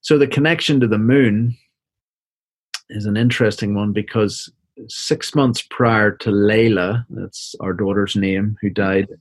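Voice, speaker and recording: A middle-aged man, a seminary professor and minister, telling a personal story as an interview guest in a soft, reflective, halting way, often repeating words as he goes. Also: on the low side, steady tone, slightly rough, dry recording.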